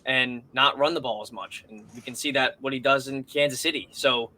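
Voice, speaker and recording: A man's voice: mid-range voice, fairly even intonation, fairly quick, very noisy. A man co-hosting a podcast in casual sports chat, arguing his points emphatically. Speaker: podcast co-host.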